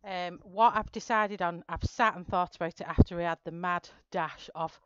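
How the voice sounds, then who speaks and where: A smooth, clear-voiced woman chats casually through a live stream, greeting viewers and talking through her plan step by step. Her voice sits a little low, and the audio is dry and somewhat dull, like lo-fi stream sound. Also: fairly even intonation, normal speed, no room sound. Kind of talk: casual live-stream chat while colouring.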